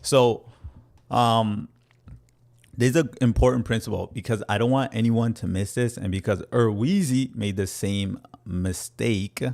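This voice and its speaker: A man's voice: on the low side, unhurried, vocal fry. A young man hosting a casual crypto livestream, chatty and playful as he answers viewers. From Canada. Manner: energetic, chatty, playful with viewers, laughs often.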